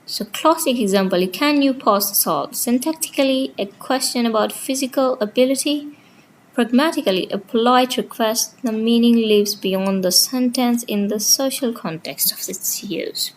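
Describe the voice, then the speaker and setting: A woman's voice: a little high, moderate pace, slight background noise, poor audio. A woman teaching linguistics in a casual lecture, walking through her slides point by point, with small grammar slips.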